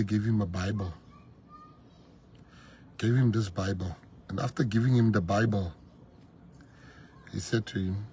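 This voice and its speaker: A South African man, a political leader, giving a fiery rally speech, breaking into loud shouts at the peaks. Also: lowish voice, slight background noise. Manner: fiery, switching between English and Afrikaans, shouting at peaks.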